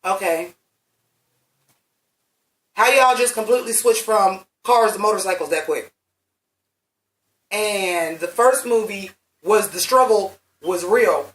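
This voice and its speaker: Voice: mid-range voice, slow pace, long pauses, a bit bright. A blunt, profane movie reviewer in their late thirties, talking in a rambling, emphatic, casual way. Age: late 30s. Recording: roomy sound from a distant mic.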